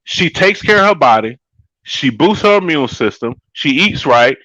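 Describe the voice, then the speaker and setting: A man's voice: on the high side, lively intonation, moderate pace, bright, forceful tone, no room sound, lo-fi sound. A man co-hosting a casual chat show, talking emphatically in a preachy way and calling his listeners y'all. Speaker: co-host.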